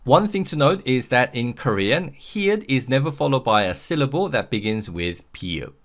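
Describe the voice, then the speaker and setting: A man narrating a scripted language lesson, explaining clearly and repeating example words slowly and carefully. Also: medium pitch, sing-song. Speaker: language teacher.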